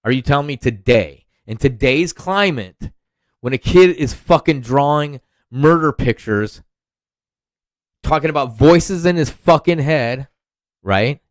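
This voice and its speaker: A man's voice: fairly high pitch, expressive, measured pace, dry recording. A man in his thirties hosting a podcast, ranting in a profane, rambling, heated way. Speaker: podcast host. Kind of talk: solo rant podcast.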